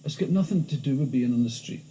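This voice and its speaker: A fast-talking Scottish comedian with a thick Glasgow accent and a mid-range voice tells animated stories in a candid interview, often restarting his sentences. The rough recording comes from an old VHS tape with faint hiss.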